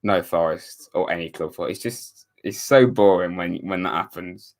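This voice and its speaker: A man's voice: sits low, normal speed. A young man from England hosting a live stream, chatting casually and answering viewer comments with rambling, wry asides. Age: young adult. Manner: rambling, self-correcting, wry sarcastic asides. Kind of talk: casual watchalong chat reading viewer comments.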